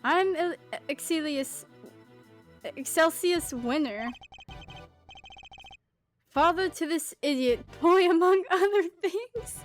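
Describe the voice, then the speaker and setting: Game read: woman voicing a fond, teary old chairman, theatrical and high. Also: slow pace, pauses often, soft background music. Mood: smug. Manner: sentimental, theatrical. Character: doting elderly man, sentimental chairman.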